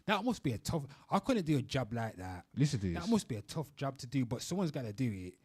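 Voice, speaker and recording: A man's voice: mid-range voice, very animated, quick pace, darkish tone, breathy edge, no room sound. A young man hosting a reaction commentary show, ranting heatedly and swearing while talking straight to his viewers. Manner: heated, swearing, repeatedly addressing "people".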